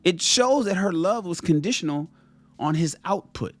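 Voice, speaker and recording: Animated man telling a story. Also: high-pitched, moderate pace, no room sound, faint music behind. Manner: animated, repeats and restarts phrases. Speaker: motivational vlogger. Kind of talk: casual storytelling monologue. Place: home in Los Angeles.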